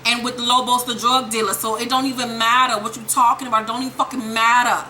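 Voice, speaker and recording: Woman voicing a defiant woman investigator; dismissive, high, bright voice. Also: flat delivery, fast talker, slight background noise.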